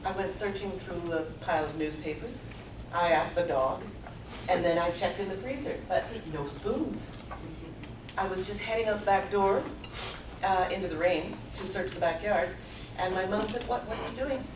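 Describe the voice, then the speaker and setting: A woman's voice: on the low side, fairly even intonation. Middle-aged woman telling her story in a roomy hall. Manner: earnest, measured storytelling. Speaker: conference speaker. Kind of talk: prepared personal talk read aloud. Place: conference room. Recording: roomy, distant with background noise.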